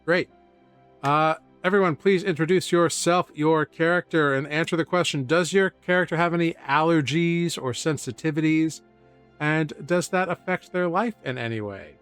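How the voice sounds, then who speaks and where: Brief: male game master, casual and chatty, slightly high voice, faint music underneath. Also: normal speed, clean tone, no room sound. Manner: relaxed, chatty, self-correcting. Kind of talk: casual tabletop game chat. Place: home setup.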